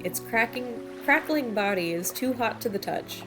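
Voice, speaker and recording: In this let's play with background music, a woman reads game text aloud, then laughs at it or recoils in disgust. She speaks at a medium pitch, unhurried, with few pauses.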